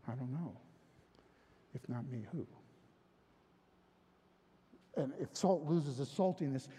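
Preacher man, high voice, echoey hall. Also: warm tone, breathy edge. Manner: preaching with questions and emphatic rises and drops. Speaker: pastor. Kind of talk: sermon.

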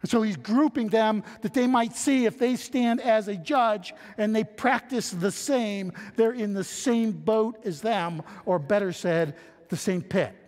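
A man's voice: sits high, measured pace, darkish tone, long reverb tail. A man preaching an expository sermon in a conversational, earnest manner, reading scripture aloud, asking rhetorical questions and voicing imagined objectors. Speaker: pastor.

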